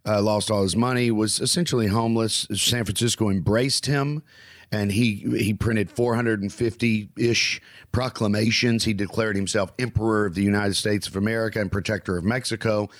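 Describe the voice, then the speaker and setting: A man's voice: fairly low pitch, normal speed, no echo. A man, a comedian, telling rambling comic stories and acting out the people in them. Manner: animated, acts out voices in his anecdotes. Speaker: comedian and podcast host.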